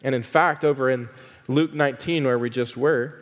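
A man's voice: mid-range voice, steady tone. Fervent preaching man, echoing sanctuary. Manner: builds to fervent, drawn-out emphasis on praise; conversational asides with frequent "uh" fillers. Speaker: pastor. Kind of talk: sermon.

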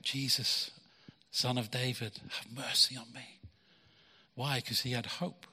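A man preaches in a lively, conversational way, slipping into voices for the people in his stories. His tone is bright and forceful. The sound rings out with the long tail of a big hall. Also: medium pitch. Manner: conversational preaching, acts out quotes, repeats words. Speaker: pastor. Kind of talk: sermon. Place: church hall.

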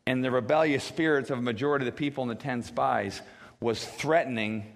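A pastor preaching a sermon, acting out quoted voices in a high wail and a grave low tone. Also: male voice, a little fast, creaky. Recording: long reverb of a church hall.

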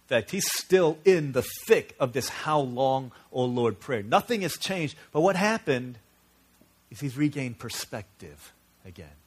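A man's voice: fairly high pitch, sing-song, a little slow, breathy edge. Earnest storytelling male pastor. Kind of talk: sermon.

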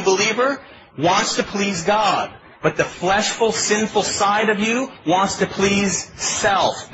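A man's voice: high-pitched, noisy background. Man preaching an emphatic sermon, lo-fi. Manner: pleading, emphatic preaching with rhetorical questions. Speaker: pastor. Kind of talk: expository sermon.

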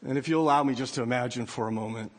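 A pastor preaching a sermon with lively delivery, acting out the voices of people in the story. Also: male voice, mid-range voice, rapid-fire, long reverb tail. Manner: animated preaching, acts out voices of biblical figures.

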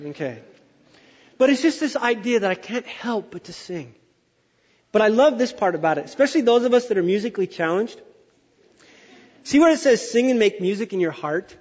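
A middle-aged pastor with a high voice preaches a lively sermon, an animated storyteller who exaggerates. He speaks briskly and pauses often, his voice dull and muffled under a long hall reverb, as if in a church sanctuary.

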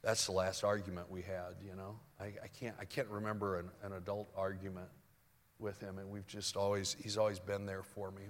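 Older male pastor preaching in a reverberant hall. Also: low-pitched. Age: 60s. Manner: conversational, restarts and fillers, swings from soft to emphatic. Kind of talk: sermon.

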